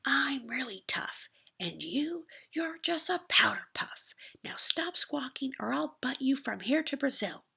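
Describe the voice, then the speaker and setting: A woman's voice: high-pitched, lively intonation, unhurried, gravelly, pushed and bright, breathy edge, heavily acted. A woman voicing a big, mean male billy goat from a storybook, boastful and taunting.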